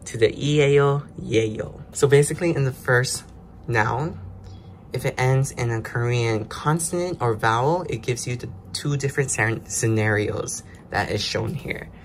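A man's voice: mid-range voice, moderate pace, a bit bright, a little hiss or hum. Chatty man walking through a lesson. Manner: explains step by step, loose and chatty. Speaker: language learner host. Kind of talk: casual self-study lesson.

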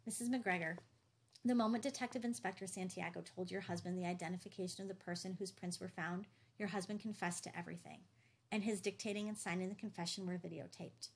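Brief: woman voicing composed male lawyer, measured, low gravelly tone. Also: steady tone. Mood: formal. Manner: measured and formal. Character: calm, formal male lawyer.

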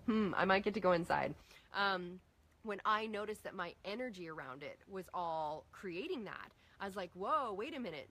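A middle-aged woman coaching a group on parenting, casually acting out talks with her kids. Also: medium pitch. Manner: energetic, acts out dialogue with her kids.

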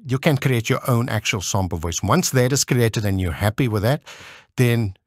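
A man casually walking viewers through a software demo, enthusiastic and chatty, with plenty of fillers. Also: medium pitch, moderate pace, no echo, studio quality. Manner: enthusiastic, explains step by step with many fillers. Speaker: tech vlogger.

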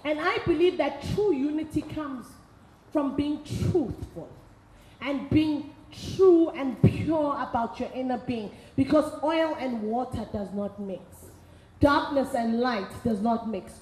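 A woman's voice: sits high, takes it slowly, warm tone. A South African woman giving a frank, humorous sermon-style talk to a women's gathering, telling stories with quoted dialogue. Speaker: speaker at a women's ministry event. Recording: echoey hall.

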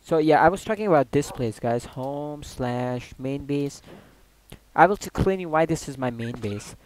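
Excitable man narrating his gameplay. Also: medium pitch, normal speed, a little hiss or hum, poor audio. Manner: excitable, loud outbursts, swears and jokes. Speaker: gaming YouTuber. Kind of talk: casual gameplay commentary.

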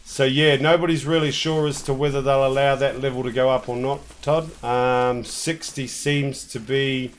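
A man's voice: medium pitch, fairly even intonation, normal speed, hardly any pauses. A man with a New Zealand accent hosting a game stream, joking and rambling as he chats with his co-player and viewers. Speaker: streamer host. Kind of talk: casual gameplay commentary.

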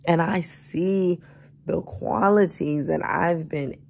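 A woman's voice: on the low side, slow, creaky, darkish tone. A woman of thirty who has just woken up and sounds tired, chatting expressively in a casual vlog, calling her viewers y'all and baby. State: just woke up, tired and groggy. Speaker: vlogger. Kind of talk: casual morning vlog chat. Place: bedroom, lying in bed.

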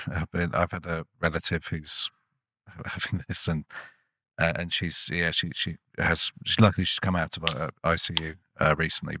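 A man hosting a podcast, chatting casually in a halting way with stammered restarts. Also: sits low, pushed and bright, no room sound. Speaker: podcast host. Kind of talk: casual interview chat.

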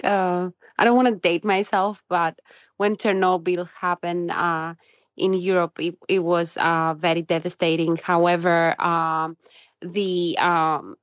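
A middle-aged woman, a caller asking a question on a live audio chat and pausing often with ums and uhs. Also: on the low side, no echo, clean studio sound. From Greece. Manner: hesitant, many ums and uhs.

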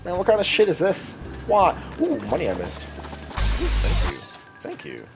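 A young man narrates his gameplay with a sarcastic, joking running commentary, talking back to the characters on screen. His pitch swings widely as he reacts, and clear game music plays behind his voice. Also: huge pitch swings, measured pace. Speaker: gaming YouTuber. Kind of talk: let's play commentary.

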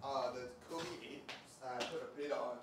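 A man bantering with friends, rambling fast and joking. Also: medium pitch, fairly even intonation, over a noisy crowd. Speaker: training partner. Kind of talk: casual banter. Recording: roomy gym with clear background noise.

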